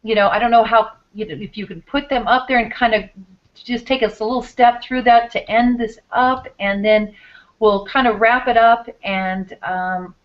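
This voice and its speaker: A woman's voice: a little high, steady tone, moderate pace, highs cut off. A woman hosting a talk show, earnest and meandering, with many fillers. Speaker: show host.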